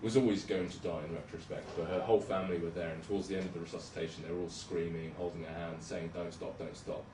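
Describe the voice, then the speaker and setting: A young junior doctor with a low, fast voice and little pitch movement gives a casual slide talk, chatty, self-deprecating, and hesitant with many ums. He is far from the mic in a roomy hall, and the background is noisy.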